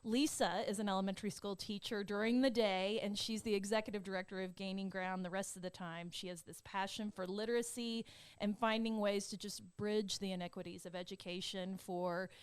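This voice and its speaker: A woman hosting a podcast, introducing her guests in an effusive, excited casual chat. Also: medium pitch, fairly quick, smooth, no echo. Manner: bubbly, effusive, gushing with excitement. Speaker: podcast host.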